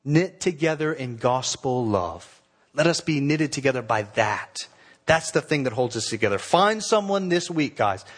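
A pastor preaching a sermon to his church in an earnest, exhorting way, slowing down to stress key phrases. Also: mid-range voice, expressive.

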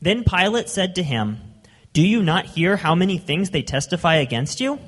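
A man reading scripture aloud in a church service, at a steady, measured pace. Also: sits high, in a large hall, slight background noise. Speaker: scripture reader.

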